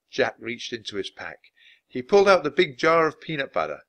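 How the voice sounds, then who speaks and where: A man narrating a children's storybook aloud in an expressive, animated way. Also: medium pitch, brisk, vocal fry. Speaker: dad reading aloud.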